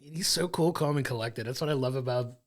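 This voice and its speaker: Male podcast co-host, gravelly mid-range voice, eager and rambling film chat. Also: mid-range voice, fast. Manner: enthusiastic, rambling, laughs along. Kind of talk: casual film review chat.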